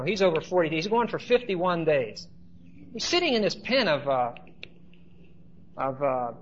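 Pastor, male, chatty storytelling preacher; a touch high-pitched, muffled old church tape. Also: a little hiss or hum. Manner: conversational storytelling with asides to the congregation. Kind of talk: sermon.

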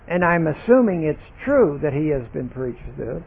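Husky high-voiced man teaching slowly. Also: sing-song. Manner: deliberate, stresses single words while explaining grammar. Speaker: Bible teacher. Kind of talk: verse-by-verse Bible study lesson. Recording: tinny phone-like recording.

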